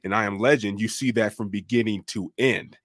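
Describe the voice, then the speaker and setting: A man's voice: lowish voice, steady tone, a little fast, a bit bright, no room sound, clean studio sound. A man co-hosting a casual podcast, rambling and joking with lots of fillers. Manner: rambling, full of fillers, jokey. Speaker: podcast co-host. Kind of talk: casual chat.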